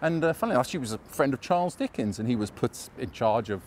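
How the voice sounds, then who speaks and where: A man's voice: mid-range voice, animated, quick pace, a little mellow, slight background noise. A man with an English accent guiding a casual walking tour, rambling and chatty with a self-mocking streak, recorded outdoors on a city street. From England.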